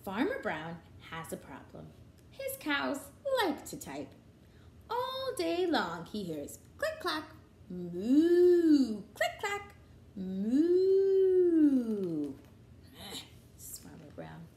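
A woman teacher reading a children's picture book aloud in a sing-song, expressive way. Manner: sing-song, highly animated, slow and expressive. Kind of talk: storybook read-aloud for children. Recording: echoey room.

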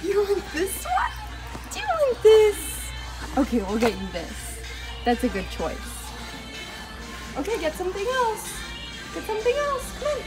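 A young woman with a very high voice speaks in sing-song baby talk, urging her dog over and over. Her short, repeated commands sit over clearly audible music. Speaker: dog owner. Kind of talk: coaxing her dog in a pet store. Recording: music playing behind.

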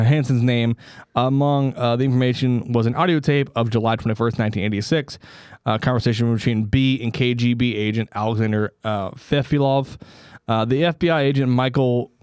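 A man's voice: mid-range voice, fairly quick, a little mellow, smooth, dry recording, clean studio sound. A man co-hosting a comedy podcast, reading out a story casually and stumbling over names with joking asides. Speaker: podcast co-host.

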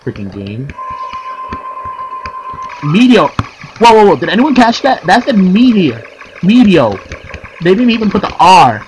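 A young man giving sarcastic let's play commentary, yelling and screaming at the game. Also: high-pitched, big pitch swings, fairly quick, few pauses, a little hiss or hum, low-quality recording. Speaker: gaming commentator. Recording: game music behind.

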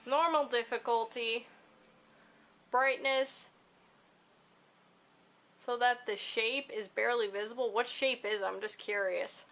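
A woman's voice: a little high, fairly even intonation, a little slow, long pauses, fairly bright tone. A woman giving chatty, profane commentary while playing a video game. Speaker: gaming streamer. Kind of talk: casual let's-play commentary.

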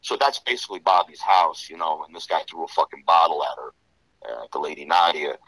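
A man telling rough stories in a casual interview, profane and rambling, full of "you know". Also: extremely low pitch, brisk, a bit bright, dry recording, poor audio. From Serbian Romanian background. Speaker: interview guest.

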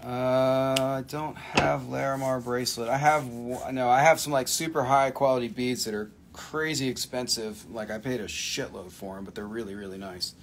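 A man's voice: medium pitch, steady tone, normal speed, hardly any pauses, a little hiss or hum. A man hosting a live crystal sale, chatting casually with viewers, swearing freely and answering their questions. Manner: loose, profane, reads out viewer questions. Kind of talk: casual live-stream sales chat.

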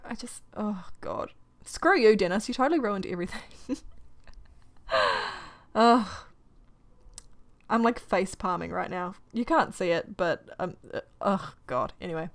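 Exasperated young woman ranting over gameplay. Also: a little high. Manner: exasperated, ranting, quick laughs. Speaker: gaming YouTuber. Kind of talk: casual let's-play commentary.

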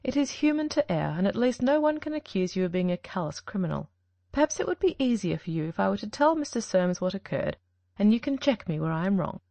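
A woman's voice: medium pitch, sing-song, brisk, gravelly, dark tone, dry recording. A woman reading an audiobook, voicing Sherlock Holmes as a shrewd, confident male detective with an emphatic delivery. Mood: explaining.

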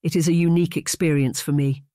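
Male narrator doing a prim young Englishwoman, lifted pitch, dry read. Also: fairly even intonation, fast talker, dark tone, no room sound, natural voice. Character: young English gentlewoman, proper and spirited.

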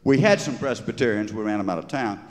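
A man's voice: on the low side, quick pace. A man with a Georgia Southern accent doing folksy, rambling stand-up storytelling on stage. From Georgia, USA. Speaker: stand-up humorist. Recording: live stage recording with long reverb.

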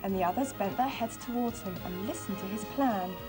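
A woman presenting a children's TV show, reading a storybook aloud and then showing a craft, in an expressive, friendly way. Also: mid-range voice, fairly quick, over music.

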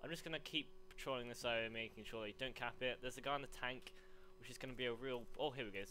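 A young man commentating live on his gameplay, rambling between chat and excited yelps. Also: medium pitch, fast talker, slight background noise. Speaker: gaming commentator.

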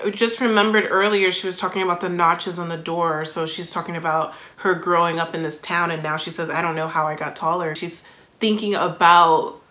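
A woman hosting a music reaction video, giving thoughtful, emotional first impressions with frequent pauses and fillers. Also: fairly low pitch, bright, forceful tone. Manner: thoughtful, emotional, many fillers and self-interruptions. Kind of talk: casual reaction commentary.

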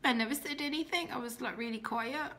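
A woman's voice: high voice, brisk, sharp tone, faint music behind. A young woman tells her personal faith testimony in an earnest, heartfelt way, often restarting her sentences.

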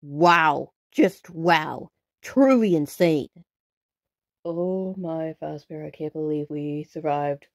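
A woman hosting a casual paranormal challenge vlog, excitable and dramatic, swearing freely as she talks to the camera. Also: low-pitched, slow. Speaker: video host.

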